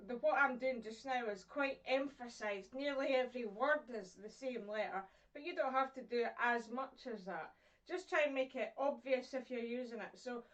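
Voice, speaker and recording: Lady teaching online from home, high voice, kinda far from the mic. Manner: playful, acts out sounds and examples. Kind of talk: live-streamed lesson. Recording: muffled, from a distance.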